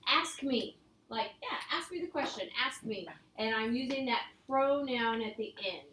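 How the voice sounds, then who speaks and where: A woman's voice: high-pitched, a bit bright, a little hiss or hum. A woman teaching a casual review lesson, explaining step by step and quizzing her students. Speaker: Spanish teacher.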